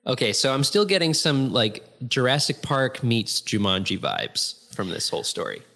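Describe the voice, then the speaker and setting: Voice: mid-range voice, sing-song, normal speed, creaky, fairly bright tone. A co-host in casual conversation, reacting with wry, dry jokes.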